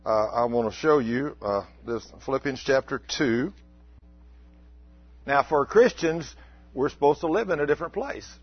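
A man, preaching a folksy, animated sermon. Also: mid-range voice, normal speed, breathy edge, dry recording, soft background music. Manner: folksy, animated, acts out mock complaints. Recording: dull lo-fi recording.

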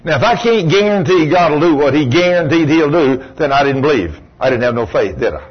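Male preacher, husky voice, folksy storyteller, dull lo-fi recording. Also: lively intonation, fairly quick. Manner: folksy storytelling, sudden high exclamations. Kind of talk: sermon.

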